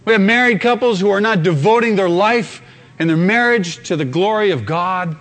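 Male pastor, very high voice, fervent sermon delivery that acts out scenes. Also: moderate pace, fairly bright tone. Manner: fervent preaching, acts out scenes with sudden bursts.

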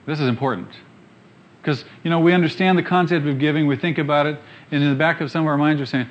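A man preaching a sermon emphatically, dropping quiet and then rising loud. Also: fairly high pitch, fast, highs cut off. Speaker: pastor.

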